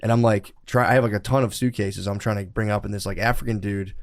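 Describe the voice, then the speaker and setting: Fast-talking man telling a rambling story. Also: fairly low pitch, steady tone, creaky. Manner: rambling, profane, often laughing at himself. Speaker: podcast co-host telling a story. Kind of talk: casual comedic storytelling.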